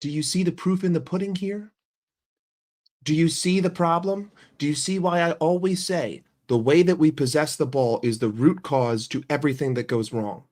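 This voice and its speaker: This football streamer's voice is fairly high and darkish in tone, delivered at normal speed. Ranting about his team on a livestream, the young man swears constantly, argues heatedly and fires questions at chat.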